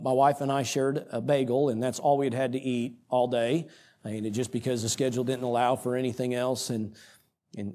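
A middle-aged man preaching, telling a story about himself in an animated, self-mocking way with quoted asides. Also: medium pitch. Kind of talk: storytelling sermon.

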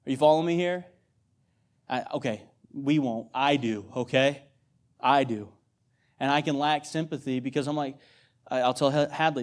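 A man's voice: medium pitch, moderate pace, long pauses. A man in his thirties preaching a sermon in a conversational way, often repeating words and checking in with the congregation. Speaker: missionary preacher.

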